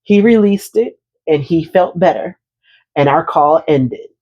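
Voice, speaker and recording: A woman's voice: deep voice, animated, unhurried, dull audio. A woman podcast co-host chatting casually with a friend, animatedly acting out both sides of a conversation with her husband. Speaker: married housewife and mother. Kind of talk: casual chat between friends.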